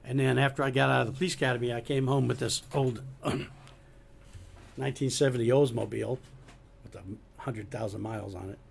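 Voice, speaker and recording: An older man, a former police officer and guest, rambling through a story with restarts and throat clearing. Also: medium pitch, fairly even intonation, a little fast. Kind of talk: casual chat.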